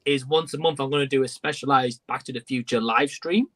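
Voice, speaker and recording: A man guest in a casual group chat, talking hesitantly and filling pauses with "um". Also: medium pitch, fairly bright tone. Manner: hesitant, many fillers.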